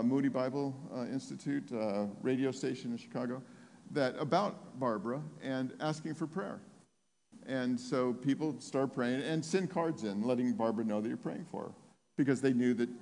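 A man preaching from the pulpit, telling a story with halting restarts. He grows animated and excited, his mid-range voice ringing in a hall with long reverb. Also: medium pitch. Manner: animated, rising to excited near-shouting while retelling. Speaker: pastor. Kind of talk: sermon storytelling.

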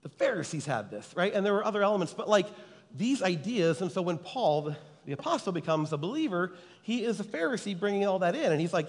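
Animated preacher man in a reverberant hall. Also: high voice, fast. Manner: chatty, teasing, constantly checks in with the audience. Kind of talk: conversational sermon.

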